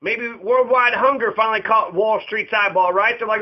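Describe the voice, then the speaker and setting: A man's voice: high-pitched, moderate pace, hardly any pauses, highs cut off. A man hosting a show of political commentary, ranting sarcastically and swearing freely. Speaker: host.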